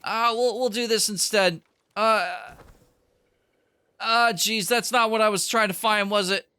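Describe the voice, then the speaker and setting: A man's voice: high voice, fairly even intonation, unhurried, pushed and bright, clear, resonant tone, voice pushed up. A man putting on the voice of a nervous, stammering teenage boy who keeps muttering jeez while he plays a game. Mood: flustered.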